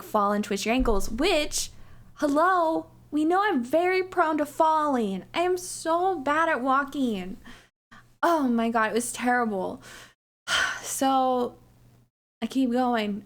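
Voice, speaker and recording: A woman streamer telling a long hiking story in casual chat, rambling with lots of fillers and acting out her friends' lines. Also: takes it slowly. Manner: animated, rambling, lots of "like" and "you know"; acts out what friends said with sudden high-pitched swoops.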